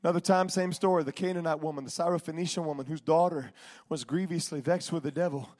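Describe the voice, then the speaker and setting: A male preacher delivering a sermon, swinging between shouted exhortation and hushed, drawn-out lines. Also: fairly high pitch, fairly even intonation.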